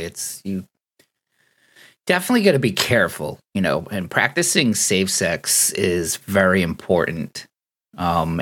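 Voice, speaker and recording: Very deep-voiced laid-back man. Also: fairly bright tone. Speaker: podcast co-host. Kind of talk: casual podcast chat.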